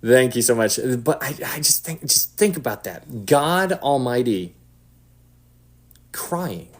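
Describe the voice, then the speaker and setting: A man giving casual Bible teaching to an online audience. He talks in an animated way and drops to a hushed voice for emphasis. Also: medium pitch, moderate pace, slightly rough. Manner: animated, acts out quotes, drops to a hush for emphasis.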